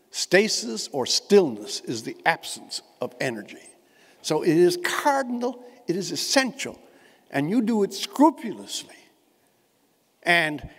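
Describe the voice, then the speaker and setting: A man, giving a humorous keynote speech in a wordy, witty storytelling manner, with dry and elaborate phrasing. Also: high voice. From Newfoundland, Canada. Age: 70s. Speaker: keynote speaker. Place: large indoor conference hall. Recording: echoey hall, long reverb.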